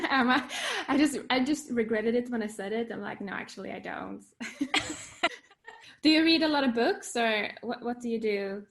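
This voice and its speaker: Chatty Swedish-born woman, slightly high voice. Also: unhurried, a bit bright. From Sweden. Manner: chatty, laughs easily, self-correcting. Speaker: interview guest, writer. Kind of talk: casual video-call chat.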